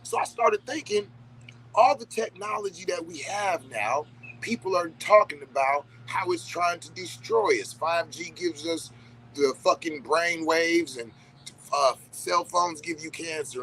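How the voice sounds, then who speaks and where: A man telling a casual, profane story, animated and talking straight to his listeners. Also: on the high side, unhurried, a little hiss or hum, poor audio. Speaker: storyteller host.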